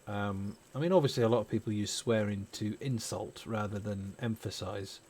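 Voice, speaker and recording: This gaming stream is hosted by a parent who rambles, swears plenty, and shares blunt opinions in casual chat while playing. He has a lowish, slightly mellow voice, and there's a little hiss or hum.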